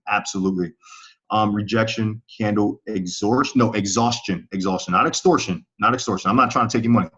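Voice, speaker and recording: A man's voice: fairly low pitch, fairly bright tone. A man teaching price-action trading in a live online webinar, talking conversationally and often checking in with his viewers. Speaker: trading instructor. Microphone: online call audio. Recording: slightly muffled call audio.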